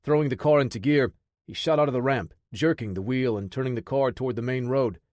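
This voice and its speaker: A man's voice: mid-range voice, fairly quick, darkish tone, dry recording, clean studio sound. Man narrating a military thriller. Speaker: audiobook narrator. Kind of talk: scripted audiobook narration.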